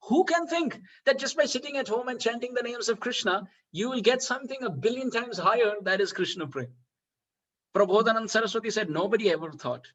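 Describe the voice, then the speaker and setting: A man's voice: high-pitched, a bit bright, low-quality recording. A man giving a devotional lecture, asking rhetorical questions and chuckling often. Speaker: spiritual speaker.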